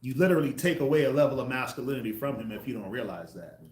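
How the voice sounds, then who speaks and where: A man preaching to a group, acting out the voices he quotes with sudden loud bursts. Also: mid-range voice, rapid-fire, echoey room. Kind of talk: street sermon teaching.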